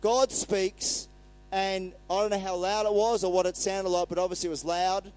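A man's voice: high voice, level tone, normal speed, rough recording. A male pastor giving a sermon in a conversational way, retelling scripture and acting out the quotes.

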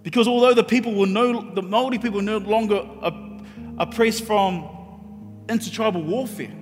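A man's voice: high-pitched, moderate pace, soft background music. A man preaching a sermon as pastor, impassioned and repetitive, acting out his own thoughts. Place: church hall with long reverb. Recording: reverberant church hall.

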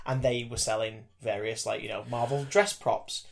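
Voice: mid-range voice, normal speed, vocal fry. Chatty storyteller, filler-heavy. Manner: lively storyteller, acts out quoted voices, many fillers. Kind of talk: casual anecdotal chat.

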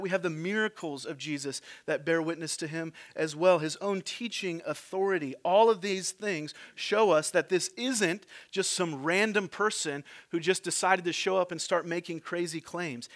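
A man delivers a sermon in a fairly high, forceful and bright voice. He keeps it conversational, tossing quick questions and asides to the congregation as he preaches. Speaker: pastor.

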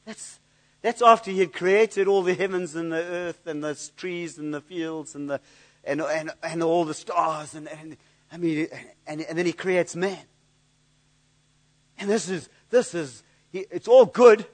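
A man's voice: a little high, unhurried, a little mellow. A man preaching a sermon in an earnest, searching way, often repeating words as he looks for the next thought. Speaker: pastor.

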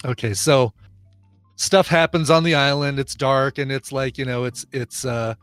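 A man co-hosting a podcast in casual movie chat, animated and laughing often as he retells scenes. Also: mid-range voice, moderate pace, clean tone, no echo, faint music behind. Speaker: podcast co-host.

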